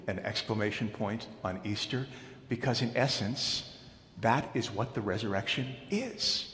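Man preaching in a reverberant church. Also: fairly low pitch. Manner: dramatic storytelling, building to loud proclamations. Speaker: pastor. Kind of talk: sermon. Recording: echoey hall.

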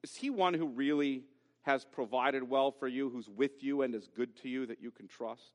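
A pastor preaching an expository sermon, repeating key phrases with emphasis and reading scripture aloud. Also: male voice, mid-range voice, moderate pace. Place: church sanctuary. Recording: long reverb from a large hall.

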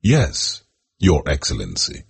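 A man's voice: extremely low pitch, huge pitch swings, takes it slowly, creaky, husky, dry recording, heavily acted. A man reading as a stiffly formal colonel. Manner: formal, courteous. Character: stiffly courteous male colonel.

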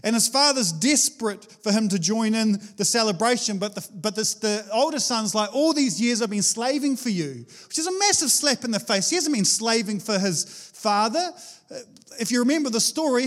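A male preacher giving a casual, conversational sermon, animated and chatty, with frequent restarts. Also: extremely high pitch, normal speed.

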